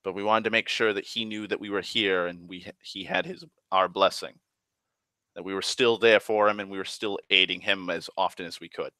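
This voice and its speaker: A man voicing a calm, fatherly male elf god who speaks in a quiet, measured, patient way while retelling a tabletop game. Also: low-pitched, no echo. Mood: explaining.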